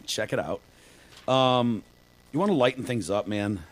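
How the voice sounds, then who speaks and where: A man's voice: mid-range voice, expressive, unhurried, poor audio. A man co-hosting a podcast in casual chat, telling stories loosely with lots of fillers and swearing. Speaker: podcast co-host.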